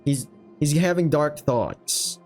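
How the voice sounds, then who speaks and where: A man's voice: on the high side, lively intonation, slow, darkish tone, soft background music. Rambling young man reading manga aloud. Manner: rambling, profane, with filler words. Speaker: manga reviewer. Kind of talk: casual manga read-along commentary. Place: home room with windows.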